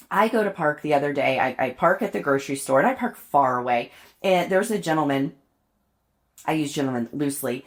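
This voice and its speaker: A woman co-hosting a podcast, telling stories in casual chat, laughing often and poking fun at herself. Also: deep voice. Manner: chatty, laughs often, self-deprecating storytelling. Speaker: podcast co-host.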